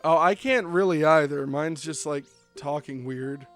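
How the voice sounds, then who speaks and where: Young male streamer, slightly high voice, loose joking ramble, soft game music in the background. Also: measured pace. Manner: rambling, joking, many fillers. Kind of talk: casual chat while streaming a game.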